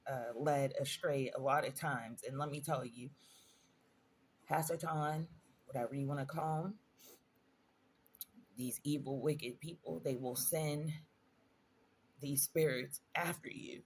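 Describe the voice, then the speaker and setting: A woman's voice: extremely low pitch, darkish tone, a little hiss or hum. A woman vlogger telling personal stories in a casual storytime monologue, earnest and emphatic, repeating phrases for stress.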